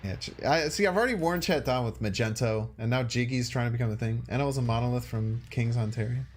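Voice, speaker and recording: A man with a Chicago accent streaming a card game, chatting casually with his viewers and thinking his moves out loud. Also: mid-range voice, fast talker. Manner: chatty, thinks aloud and talks to chat. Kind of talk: casual gaming stream commentary.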